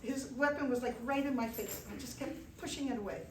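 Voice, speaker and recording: A woman's voice: high voice, a little fast. A woman telling a travel story to a live audience, acting out the dialogue with lots of animation. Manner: animated, acts out quoted dialogue. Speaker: guest speaker telling travel stories. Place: event room with a small audience. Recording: roomy, distant mic, faint noise.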